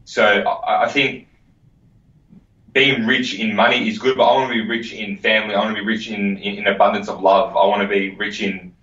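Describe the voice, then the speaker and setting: Male guest, low voice, energetic and profane, echoey muffled recording. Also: moderate pace. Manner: energetic, swears freely, repeats words. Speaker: podcast guest. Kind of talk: casual interview chat.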